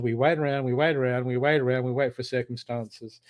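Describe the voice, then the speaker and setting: This is a man at an ordinary middle pitch, running a live tarot reading. He talks casually and warmly to viewers, repeats his encouragements, and coaches them to take charge. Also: fairly even intonation, fairly quick, no room sound. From Australia. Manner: casual, encouraging, repetitive pep talk. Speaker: tarot card reader. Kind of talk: live-streamed card reading.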